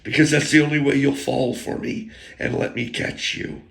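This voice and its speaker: A man's voice: medium pitch, level tone, normal speed, vocal fry. A man telling a rambling personal story in a blunt, crude way, drifting into side rants.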